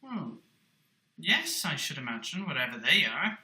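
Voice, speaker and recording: A man hosting a children's puppet show who coaxes his puppet and speaks gently to young listeners. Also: fairly high pitch, big pitch swings, unhurried. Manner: gentle, coaxing, addresses children. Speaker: host and puppeteer. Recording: roomy echo.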